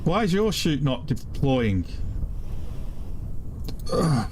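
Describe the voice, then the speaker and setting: A slightly high, sing-song male voice, very slow and a bit mellow, with a faint hiss or hum. He's an older British gaming streamer commentating on his live stream, baffled and muttering to himself in trailing half-sentences.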